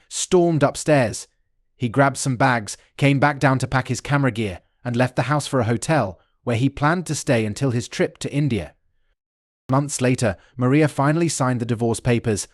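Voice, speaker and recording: A male narrator reads a scripted, dramatic story at a steady, even pace in a middle-pitched voice. The recording is close and dry, without any room sound.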